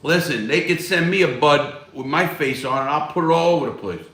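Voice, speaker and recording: A man's voice: a little high, a little fast, a bit bright, echoey room. A man hosting a casual live stream from home, reading viewer chat and answering in a blunt, rambling way with heavy swearing. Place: at home, smoking a cigar.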